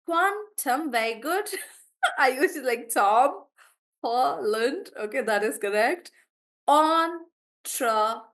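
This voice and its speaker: A woman with a South Indian English accent teaches an online pronunciation class at a slow, deliberate pace. Her voice sits a little high as she splits words into syllables and praises students one by one. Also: expressive, a bit bright.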